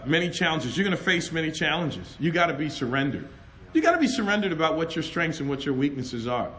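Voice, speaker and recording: Loud, animated preacher man. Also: a little high, slight background noise. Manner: loud, animated, laughing between stories. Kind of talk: lively storytelling sermon.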